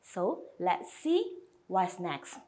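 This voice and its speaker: A woman's voice: lowish voice, sing-song, drawn-out words, warm tone. A woman teaching a slide lesson, patiently modelling each sound and repeating it for learners. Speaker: language teacher.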